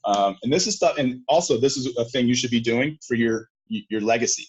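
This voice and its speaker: A man talking casually as an interview guest, excitable and full of fillers, acting out little quotes. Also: medium pitch, brisk, a little hiss or hum. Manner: animated, filler-heavy, acts out quotes. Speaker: sales guest. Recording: dull lo-fi sound.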